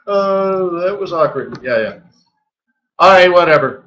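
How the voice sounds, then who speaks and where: A man hosting a live trading webinar, walking through charts in an animated, joking way with lots of rhetorical questions. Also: high-pitched, takes it slowly, long pauses, highs cut off. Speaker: forex market strategist hosting a daily webinar.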